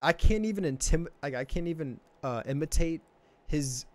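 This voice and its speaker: A man's voice: on the high side, lively intonation, normal speed. A young man from Texas hosting a casual podcast chat, rambling with lots of fillers and restarts. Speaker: podcast host.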